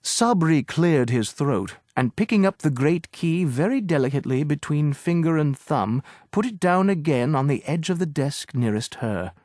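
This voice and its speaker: A man giving a scripted, measured and expressive audiobook narration. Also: on the high side, no room sound, clean studio sound.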